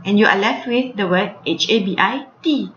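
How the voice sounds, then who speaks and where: A woman's voice: mid-range voice, moderate pace, fairly bright tone, slight background noise. A woman teaching French grammar, spelling out endings letter by letter and repeating each example. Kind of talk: slow spelled-out language lesson. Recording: lo-fi, echoey room.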